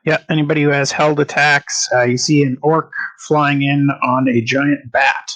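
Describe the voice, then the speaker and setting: A man's voice: a little high, level tone, moderate pace, a bit bright. A man running a tabletop game as game master, narrating with many filler sounds.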